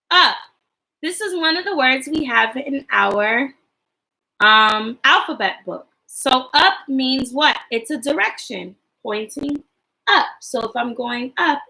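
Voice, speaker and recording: A woman's voice: high voice, vocal fry, sharp tone, poor audio. A woman teaching young children in a livestream lesson, speaking in a sing-song, encouraging way.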